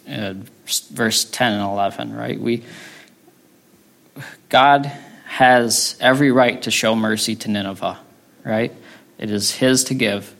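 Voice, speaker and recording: Gravelly-voiced man preaching a sermon. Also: mid-range voice, a bit bright. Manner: conversational teaching, frequent tag questions. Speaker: pastor.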